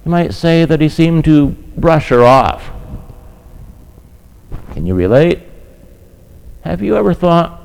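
A man's voice: on the high side, expressive, takes it slowly, creaky, pauses often, darkish tone, smooth, low-quality recording. A man preaching a sermon, earnest and direct, often asking his listeners rhetorical questions. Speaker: pastor.

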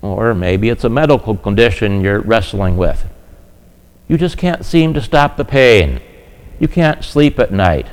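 A man's voice: on the low side, expressive, unhurried, poor audio. A man preaching a sermon, earnest and direct, often asking his listeners rhetorical questions. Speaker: pastor.

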